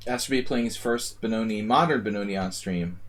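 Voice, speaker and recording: A man's voice: on the low side, brisk, slight background noise. A man streaming a chess simul, thinking aloud and muttering moves in casual commentary.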